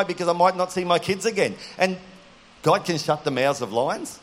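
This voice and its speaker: Earnest preacher, slightly high. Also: male voice, animated, moderate pace. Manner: earnest, storytelling, direct to the audience. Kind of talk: sermon.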